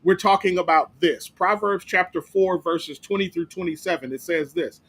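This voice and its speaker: High-voiced pastor teaching Bible study. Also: male voice, moderate pace, fairly bright tone. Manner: emphatic, repetitive, with rhetorical "right?". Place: church.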